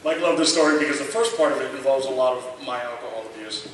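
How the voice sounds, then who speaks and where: A man in his thirties telling a lively anecdote at a convention panel, acting out the dialogue and laughing often. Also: medium pitch, fast talker. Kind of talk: storytelling at a memorial panel. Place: large convention hall. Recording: echoey hall miked from far, noisy.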